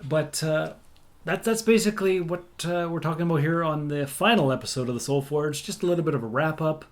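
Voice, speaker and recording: A man's voice: on the high side, fairly quick. Easygoing man hosting a podcast. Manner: easygoing, repeats words when starting. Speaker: podcast host. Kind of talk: casual chat.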